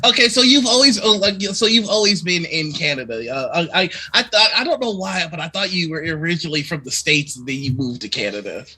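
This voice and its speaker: A man co-hosts a casual chat, laughing often and swearing freely. His voice swings widely in pitch and has a bright, husky edge. Faint music sits behind him. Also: lively intonation, a little fast, few pauses. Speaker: co-host.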